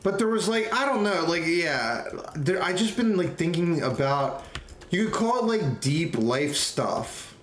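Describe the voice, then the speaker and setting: Goofy rambling young guy on a late night stream, kinda high voice, getting sleepy, echoey room w/ faint typing in the back. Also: animated, unhurried, slight background noise. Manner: rambling, goofy, laughs often. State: getting tired.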